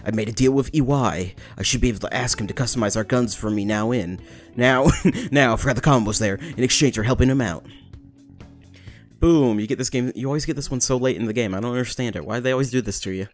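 A young man giving excitable, jokey commentary over a video game, breaking into yelled bursts. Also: mid-range voice, fast, soft background music. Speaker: gaming YouTuber.

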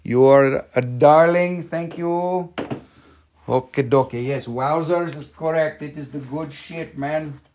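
Jokey, higher-voiced male rock seller. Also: a little hiss or hum. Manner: joking, rambling, playful. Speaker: live stream rock seller. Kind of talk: live sales stream patter.

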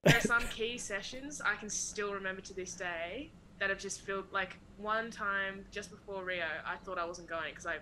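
A young Australian woman in a relaxed podcast interview, talking casually, swearing freely and laughing often. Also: mid-range voice, moderate pace, few pauses, noisy background. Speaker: guest athlete.

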